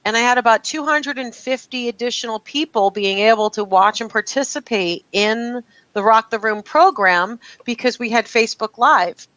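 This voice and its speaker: A woman's voice: fairly high pitch, moderate pace, hardly any pauses, fairly bright tone, no echo, rough recording. Enthusiastic storytelling woman, dry sound. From New Jersey. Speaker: networking workshop teacher. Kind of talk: casual video-call chat.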